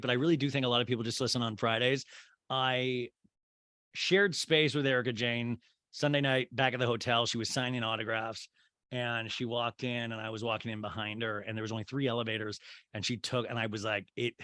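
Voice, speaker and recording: A man's voice: fairly low pitch, fairly bright tone, no room sound, clean studio sound. A man hosting a comedy podcast, rambling through a crude, joking recap monologue. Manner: rambling, crude, swings into silly voices. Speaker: podcast host.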